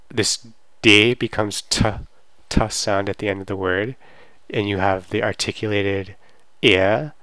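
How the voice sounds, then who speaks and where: A man teaching a German pronunciation lesson, repeating words slowly to demonstrate them. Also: on the low side, fairly bright tone, no room sound. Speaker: language teacher.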